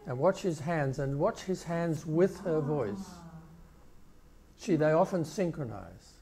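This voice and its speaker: Older male keynote speaker, warm and mellow, explanatory lecture delivery. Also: fairly high pitch, lively intonation, takes it slowly. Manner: explanatory, walks listeners through clips step by step. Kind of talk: conference lecture.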